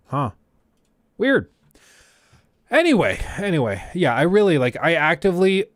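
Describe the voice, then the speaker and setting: A man's voice: medium pitch, no room sound, clean studio sound. A man hosting a casual livestream, ranting bluntly and sarcastically to his chat. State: keeps choking on throat. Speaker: livestream host.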